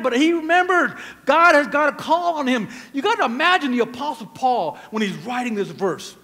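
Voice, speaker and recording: High-voiced pastor preaching in a reverberant hall. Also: male voice, moderate pace. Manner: animated preaching, swings from hushed to shouting. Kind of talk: sermon. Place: church sanctuary. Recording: long church hall reverb.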